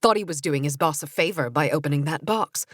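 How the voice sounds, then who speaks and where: A woman's voice: sits low, fairly quick, fairly bright tone, no echo, voice pushed down. A woman voicing a blunt, matter-of-fact adventurer with a dry, offhand delivery.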